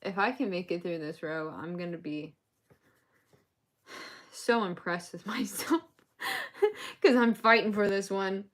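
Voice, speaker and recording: A woman's voice: medium pitch, measured pace, pauses often. A woman on a casual crochet live stream, counting stitches aloud and laughing between lines as she chats to viewers.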